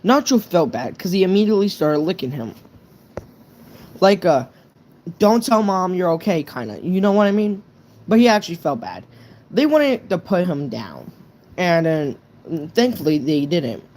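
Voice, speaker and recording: A man's voice: high voice, big pitch swings, normal speed, a little mellow, a little hiss or hum. A young man casually telling a true story on a live stream, rambling and swearing, with lots of "right?" fillers.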